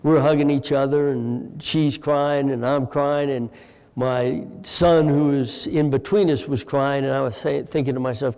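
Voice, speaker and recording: Gravelly older man telling a story. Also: mid-range voice, fairly even intonation, dark tone, big-room sound. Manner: measured, heartfelt storytelling with pauses. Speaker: retired general giving a guest talk. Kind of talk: storytelling lecture to an audience. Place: large lecture hall.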